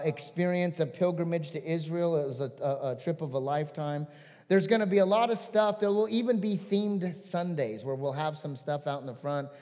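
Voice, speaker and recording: Man, pastor, conversational sermon, fairly high voice, long church reverb. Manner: conversational, animated storytelling with asides. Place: church sanctuary.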